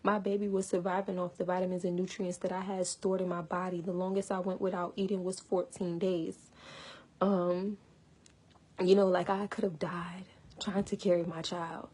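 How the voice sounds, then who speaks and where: A woman's voice: on the low side, flat delivery, normal speed, warm tone, breathy edge. A young woman talking passionately and earnestly to her viewers in casual slang. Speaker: vlogger. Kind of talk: emotional personal talk to camera.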